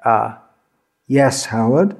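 Man playing a suave gentleman demon, smooth, polite, quietly menacing, slow. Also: medium pitch, expressive, pitched below the performer's own voice, exaggerated voice. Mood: silkily polite.

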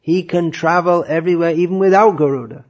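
A man teaching a lecture on scripture, thoughtful and pausing often with fillers, on a dull lo-fi recording. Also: a little high. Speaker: religious teacher.

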